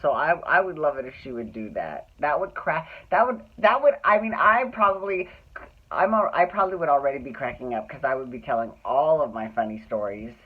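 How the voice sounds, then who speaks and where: A chatty, rambling podcast host recapping reality TV in a campy, gossipy way, full of asides and slang. The voice sits at a middling pitch. It comes through thin and tinny, like a phone line. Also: lively intonation, fairly quick. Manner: chatty, rambling, with frequent restarts and laughs. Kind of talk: casual gossipy recap chat.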